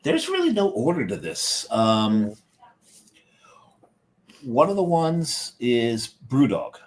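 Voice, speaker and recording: A man co-hosting a casual podcast, rambling and joking with lots of filler pauses. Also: mid-range voice, huge pitch swings. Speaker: podcast co-host.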